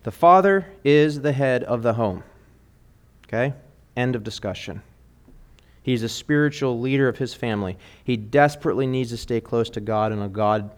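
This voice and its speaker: A middle-aged man preaching an earnest sermon to fathers, speaking with emphatic conviction. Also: medium pitch. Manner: earnest, emphatic preaching, quoting song lyrics.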